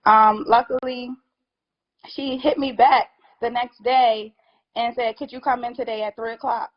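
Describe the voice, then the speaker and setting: A young woman hairstylist chatting in an interview, animated and acting out quotes, at times emotional. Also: fairly high pitch, a little slow, lo-fi sound. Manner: animated storyteller, acts out quotes, gets emotional. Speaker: hairstylist guest. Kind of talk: casual interview chat.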